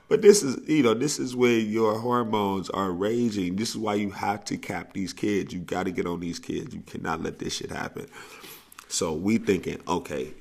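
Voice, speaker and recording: A man's voice: sits low, vocal fry, darkish tone. A man hosting a podcast, telling a long casual story in a rambling way, repeating and restarting phrases and laughing often. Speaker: podcast host, coach.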